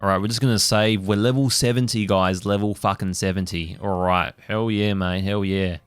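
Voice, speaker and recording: A man giving let's play commentary with a somewhat low, smooth voice. He talks casually and rambles, full of fillers and occasional swearing. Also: steady tone, moderate pace, no room sound. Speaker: gaming channel host.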